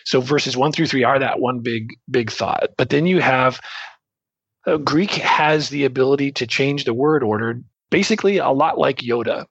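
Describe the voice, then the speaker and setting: Man, Greek teacher, husky voice, casual explanatory talk, dull dry recording. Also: medium pitch, moderate pace, a bit bright, no echo. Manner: explains with everyday analogies, loose and chatty.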